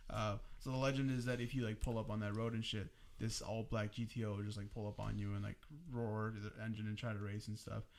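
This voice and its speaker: A young man co-hosting a podcast, telling a story casually among friends in an animated way, swearing freely and laughing as he goes. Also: on the low side, fast, few pauses. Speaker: podcast co-host.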